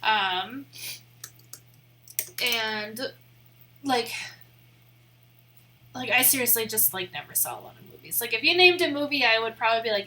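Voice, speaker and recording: Midwest girl chatting on stream, kinda high and bright, says like a lot, laughs easy. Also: lively intonation, unhurried, long pauses, slight background noise. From American Midwest. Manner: chatty and rambling, heavy use of "like", laughs often. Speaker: photography streamer. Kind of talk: casual live-stream chat.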